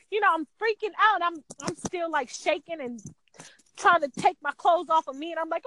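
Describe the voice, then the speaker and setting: Woman guest, high pitch, dry sound, lively anecdote teller. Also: moderate pace, dry recording, rough recording. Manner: animated, acts out quotes in a high voice. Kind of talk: casual storytelling chat.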